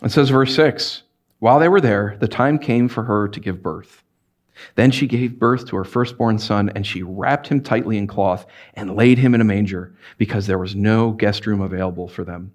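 Animated man preaching a sermon. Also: lowish voice, moderate pace. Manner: animated, asks the congregation many questions. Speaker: pastor. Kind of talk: conversational sermon. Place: church sanctuary.

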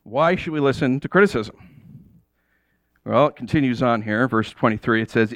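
With a brisk delivery and a mid-range voice, a pastor in his thirties tells animated stories in his sermon and acts out the voices of those he quotes. The recording is dry.

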